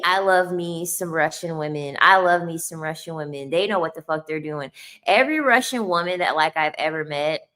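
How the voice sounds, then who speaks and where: A woman talks in an unhurried, drawn-out way, chatting casually on a livestream. Her voice sits a little low for a woman. She is playful, laughs a lot and drops slangy remarks to her viewers. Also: a bit bright. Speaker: livestreamer reading chat.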